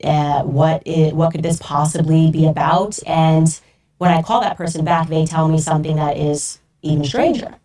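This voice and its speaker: A woman podcaster telling a story in an animated, incredulous way, acting out the voices she quotes. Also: low-pitched, moderate pace, far from the mic. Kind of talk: storytelling monologue.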